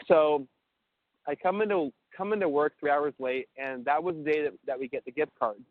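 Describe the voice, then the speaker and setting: A man's voice: on the high side, normal speed, no room sound. A young man telling a long, rambling story on a casual phone call, full of fillers and swearing. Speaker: caller on a prison phone call. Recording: tinny phone line.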